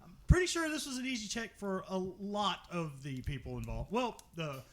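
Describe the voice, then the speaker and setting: A man co-hosting a movie podcast, rambling in animated, profane casual chat. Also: sits high, normal speed, noisy background. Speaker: podcast co-host.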